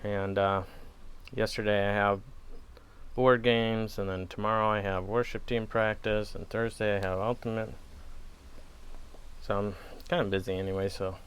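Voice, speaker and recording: Smooth low-voiced Wisconsin man rambling. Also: little pitch movement, normal speed. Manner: rambling, digressive, laughs at himself. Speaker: pipe-smoking channel host. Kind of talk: casual vlog chat.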